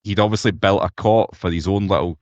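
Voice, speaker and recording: A man's voice: low voice, steady tone, a little fast, dry recording, dull audio. A young Scottish man co-hosting a casual podcast chat, blunt and sweary, ranting with animation over a video call. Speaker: podcast co-host.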